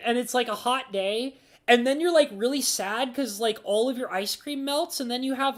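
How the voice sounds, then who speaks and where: On a live stream, a man with a very high voice chats casually, reading out chat messages and rambling with lots of "like" fillers. He talks at normal speed with hardly any pauses, sounding animated as he mock-rants.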